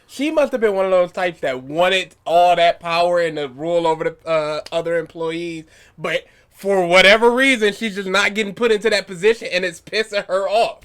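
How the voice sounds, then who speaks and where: A man's voice: sits high, normal speed, fairly bright tone, clean tone. A young man hosting a podcast, reacting to stories with blunt, joking comments in casual chat. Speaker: podcast host.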